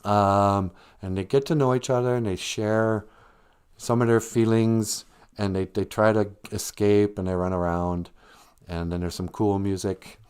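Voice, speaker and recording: A man's voice: on the low side, steady tone, measured pace, a little mellow, smooth. A man hosting a livestream, retelling a story in a rambling, joking, conversational way. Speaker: livestream host. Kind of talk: casual storytelling.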